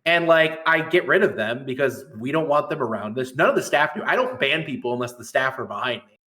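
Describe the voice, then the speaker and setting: A man's voice: mid-range voice, lively intonation, brisk, bright, forceful tone. Heated, profane middle-aged man ranting. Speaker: guest, tournament administrator. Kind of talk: ranting podcast guest.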